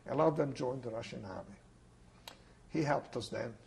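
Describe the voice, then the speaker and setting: An older man from Czechoslovakia giving oral history testimony, telling his story in an unhurried, plain way with pauses. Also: mid-range voice, expressive, vocal fry, a little mellow, rough recording. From Ungvar, Czechoslovakia. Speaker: Holocaust survivor interviewee.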